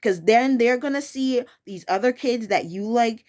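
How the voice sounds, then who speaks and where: A woman's voice: a little high, moderate pace, a little mellow. A young woman chats about her work as a preschool teacher in a frank, firm way. She often restarts and corrects herself mid-sentence, then pushes on with plain, direct words. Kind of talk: casual personal storytelling.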